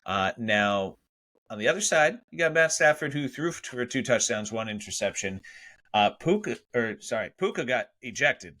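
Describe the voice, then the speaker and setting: A man co-hosting a podcast, talking fantasy football in an easygoing way, now and then clearing his throat. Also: medium pitch, sing-song, normal speed, pushed and bright. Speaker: podcast co-host. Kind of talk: casual fantasy football chat.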